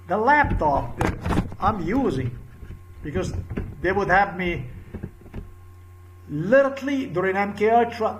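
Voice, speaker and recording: A man delivering an angry, repetitive monologue to camera, full of heated crude outbursts. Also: high-pitched. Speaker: vlogger.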